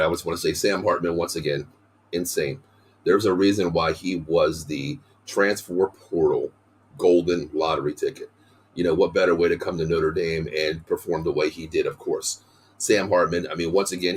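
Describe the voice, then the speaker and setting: A man with a hoarse voice hosting a casual sports podcast, excitedly running through game stats. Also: low-pitched, slight background noise. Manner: excited, talks in quick bursts of stats. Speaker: podcast host.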